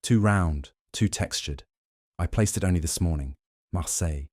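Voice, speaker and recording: A man voicing a shrewd, theatrical male detective, delivering measured, dramatic accusations sprinkled with French phrases in an audiobook reading. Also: low voice, a little mellow, no room sound, studio quality. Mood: triumphant.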